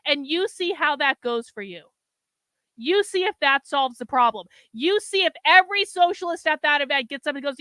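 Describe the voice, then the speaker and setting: Female streamer, blunt and exasperated, bright high voice, dry close sound. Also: animated, normal speed, dry recording. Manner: blunt, swears, exasperated lecturing. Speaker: host reacting to a stream. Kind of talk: livestream commentary.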